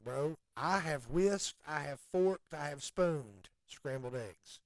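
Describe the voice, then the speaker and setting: A man's voice: on the high side, expressive, slow pace, no echo, rough recording. A man co-hosting a radio show, chatting casually and pressing his points with earnest emphasis. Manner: earnest, emphatic, gets loud when passionate.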